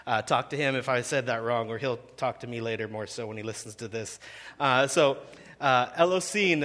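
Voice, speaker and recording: A man's voice: medium pitch, fairly bright tone. A man in seminary giving a conversational sermon with frequent fillers, in a reverberant hall. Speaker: seminary student preaching.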